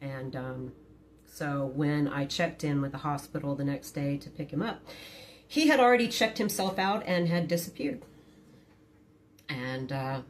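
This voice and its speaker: Speaking to her phone camera, a middle-aged woman frankly tells a personal story, full of hesitant fillers. Her voice sits low and moves a little slowly, with slight hiss or hum in the recording.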